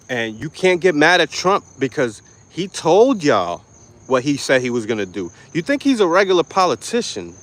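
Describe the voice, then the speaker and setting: A man ranting to camera in a profane, mocking vlog, angry and loud. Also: on the high side. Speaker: vlogger. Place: lives in Florida.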